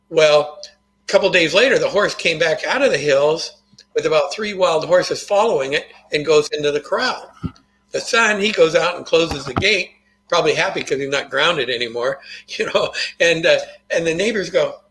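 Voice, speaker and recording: A man's voice: a little high, expressive, normal speed, fairly bright tone, poor audio. An older man, a guest on an interview show, telling a personal story in an earnest, folksy way. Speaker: guest, motivational author.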